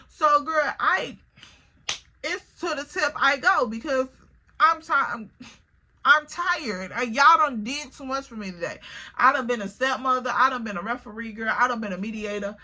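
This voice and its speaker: Young woman storytime vlogger, high voice, super bright, lots of slang and cussing. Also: measured pace. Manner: animated, slangy, cursing, keeps saying girl. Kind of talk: storytime vlog.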